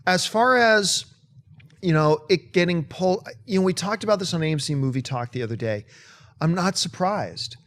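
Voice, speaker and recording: A man's voice: high-pitched, fairly quick. A man co-hosting a movie talk show, chatting casually and emphatically, with sudden bursts of enthusiasm. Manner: animated, emphatic, breaks into sung bits.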